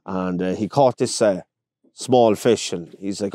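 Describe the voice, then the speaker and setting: Chatty Irish fishing guide on a boat. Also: male voice, on the low side, measured pace, dark tone, no echo, clean studio sound. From Ireland, County Longford. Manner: chatty storyteller, acts out quoted people. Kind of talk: casual interview chat. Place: outdoors on a boat on a lake.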